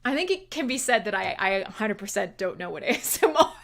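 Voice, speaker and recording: A woman's voice: medium pitch, lively intonation, fast, creaky, very noisy. A woman hosting a casual livestream radio show, chatty and scattered, giggling a lot and swearing freely. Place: home streaming setup.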